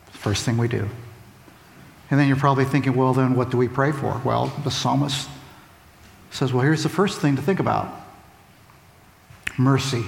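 A man's voice: mid-range voice, gravelly, a little hiss or hum. A man preaching a sermon, emphatic and repeating phrases for stress. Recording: echoey hall with faint ambience.

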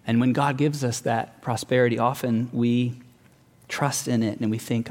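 A man preaching a sermon in an earnest, measured way, slowing down to stress key words. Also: medium pitch, fairly even intonation, a little mellow. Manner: earnest, measured, slows for emphasis. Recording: long hall reverb.

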